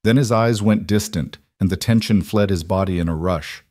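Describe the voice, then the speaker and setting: Low-voiced male story narrator. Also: normal speed, dry recording, clean studio sound. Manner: even, steady storytelling.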